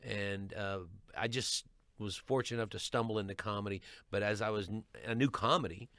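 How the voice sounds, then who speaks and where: Man, middle-aged comedian, bright forceful tone, lower voice, dry close sound, stammering restarts. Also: a little fast, no echo. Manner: animated, repeats words as he restarts. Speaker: stand-up comedian guest. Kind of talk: storytelling chat.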